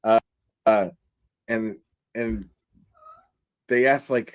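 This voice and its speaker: A man ranting in a casual commentary, animated and incredulous, swearing often and laughing as he talks. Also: medium pitch, measured pace, pauses often, dry recording. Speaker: online commentator.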